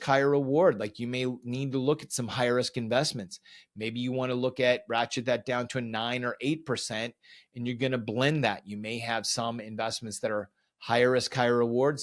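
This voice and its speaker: A man's voice: medium pitch, fairly even intonation, a little fast. Guy talking through a step by step money plan, podcast style, medium voice. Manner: explains step by step, recapping points. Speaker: podcast host. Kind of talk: instructional podcast monologue.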